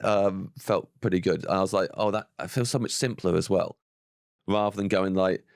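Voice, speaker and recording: A man's voice: deep voice, moderate pace, clean tone. A man in his forties, a comedian chatting casually as a guest, acting out quotes with frequent laughs. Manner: animated, acts out quoted voices, frequent "like" and laughter. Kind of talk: casual chat.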